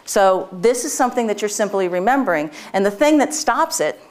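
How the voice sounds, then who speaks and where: A woman's voice: medium pitch, expressive, fairly quick. Woman, workshop presenter, chatty, informal, frequent fillers and laughs, live audience talk. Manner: chatty and warm, many fillers and restarts, laughs often. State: tearful.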